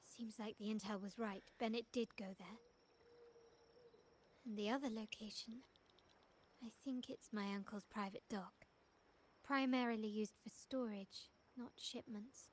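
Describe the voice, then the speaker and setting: An actress voicing a poised young noblewoman and family heir in a video game, speaking in a composed, measured, commanding way. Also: on the high side, fairly even intonation, slight background noise, natural voice. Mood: calm resolve.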